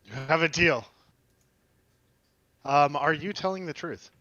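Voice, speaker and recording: A man's voice: fairly high pitch, a little slow, pushed and bright, dry recording, dull audio. A man voicing a trapped bandit who bargains for his life in plain, pleading speech. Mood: wary. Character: trapped surly male bandit, cowed and bargaining.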